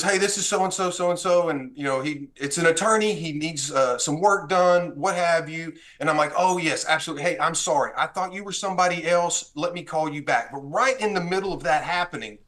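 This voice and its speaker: A man from Texas, a guest on a podcast, telling a story with feeling and acting out what was said. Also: a little high. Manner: animated, acts out dialogue in the story. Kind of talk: casual storytelling.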